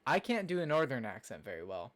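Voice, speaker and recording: A young man talks to his stream chat in a loose, rambling way. He fills his sentences with "like" and "um" and answers viewers as he goes. His voice sits at an ordinary middle pitch. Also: very animated, fast talker, a bit bright. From Nebraska, USA. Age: young adult. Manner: rambling, chatty, lots of fillers, reacts to chat. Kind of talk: casual live-stream chat.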